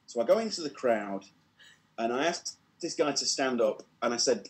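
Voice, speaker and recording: Speaking at medium pitch and a normal speed, a British man recounts a comedic story on an online show. He performs the voices animatedly and keeps laughing at his own story.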